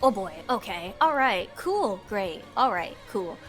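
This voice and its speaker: A woman playing a tabletop game, thinking aloud in a soft, hesitant way. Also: mid-range voice, big pitch swings, unhurried, faint music behind. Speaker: player.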